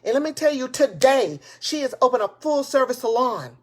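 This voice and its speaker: A woman giving a live motivational talk to her viewers, excited and preachy, repeating her points and speaking in casual, folksy grammar. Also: sits high, a little fast. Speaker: motivational speaker and business coach. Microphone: tablet device.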